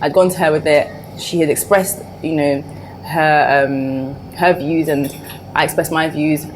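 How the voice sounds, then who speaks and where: A woman's voice: low voice, steady tone, a little slow, slight background noise, rough recording. A young woman vlogger talking casually and personally to camera, with lots of fillers and restarts. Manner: chatty, full of fillers and restarts; open and personal.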